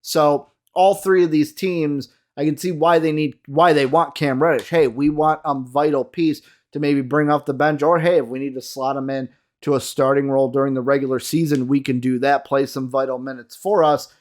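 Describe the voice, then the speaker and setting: A man's voice: mid-range voice, steady tone, normal speed, hardly any pauses, darkish tone. A young man hosting a casual solo basketball talk show, chatty and addressing his viewers directly. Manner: chatty, lots of fillers, talks to viewers. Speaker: sports show host.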